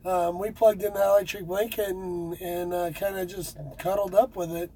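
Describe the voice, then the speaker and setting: Man, truck driver, casual chat, high voice, rambling with fillers. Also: level tone, normal speed, dark tone, breathy edge, rough recording. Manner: rambling, many fillers and restarts.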